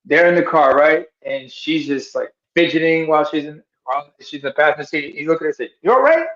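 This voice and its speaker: A man's voice: a little high, animated, fast talker, fairly bright tone, lo-fi sound. A man in a casual podcast chat, telling stories animatedly and acting out voices.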